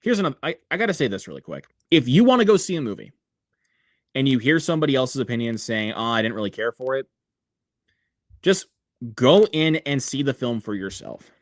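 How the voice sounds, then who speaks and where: A man's voice: medium pitch, sing-song, brisk, no room sound, clean studio sound. A man hosting a casual livestream, rambling with many fillers and reading viewer comments aloud. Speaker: livestream host.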